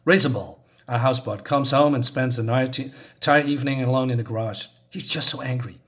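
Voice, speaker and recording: Reviewing a comic book on his channel, a man casually recaps the story in a loose, hesitant, rambling way. He speaks at a medium pitch and a brisk pace.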